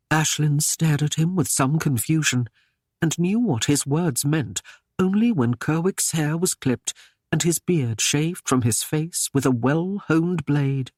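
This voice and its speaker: A man narrating a historical romance audiobook in a measured, even storytelling manner. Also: a little high, no room sound, clean studio sound. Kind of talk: scripted narration.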